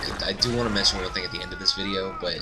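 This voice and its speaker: A man telling a funny childhood story over game commentary, animated and laughing, climbing to excited yelps. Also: on the low side, racing, over loud music, rough recording. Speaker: gaming commentator. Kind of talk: casual storytelling over gameplay.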